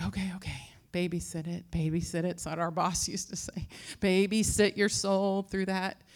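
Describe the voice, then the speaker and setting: Woman giving a rambling faith talk. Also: on the low side. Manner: rambling, animated storytelling; acts out quoted voices.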